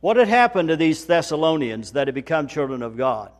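A man preaching a sermon in a folksy manner, building to loud, emphatic repetition. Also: fairly high pitch, sing-song, fairly quick. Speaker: pastor.

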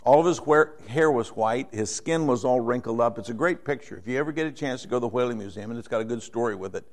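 A middle-aged man preaching a sermon in a conversational way, growing animated as he acts out the people in his story. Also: mid-range voice, fast. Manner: conversational, rising to animated when voicing characters. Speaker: pastor.

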